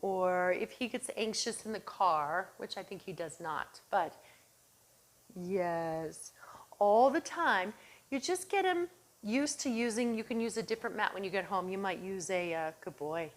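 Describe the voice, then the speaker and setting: Speaking at normal speed, a woman trainer walks through a dog demonstration in a calm, encouraging manner. Her praise for the dog is soft and low, broken occasionally by high, excited calls to him.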